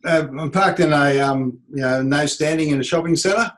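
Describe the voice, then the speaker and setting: A middle-aged Australian man, a business coach, teaching a seminar and acting out quoted speech in an animated way. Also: on the high side, normal speed, slight background noise, rough recording.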